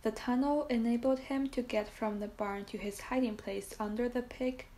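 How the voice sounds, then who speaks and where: A woman reading a children's book aloud in a gentle, steady storytelling manner with the odd small slip. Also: a little high, normal speed, rough recording.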